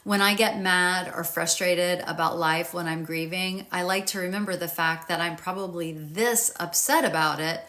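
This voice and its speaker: Woman author, lowish voice, candid to-camera talk, swears freely, thinks out loud. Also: fairly even intonation, moderate pace, hardly any pauses. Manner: frank and informal, swears freely; thinks aloud with fillers and restarts. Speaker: author reading from and discussing her grief guide.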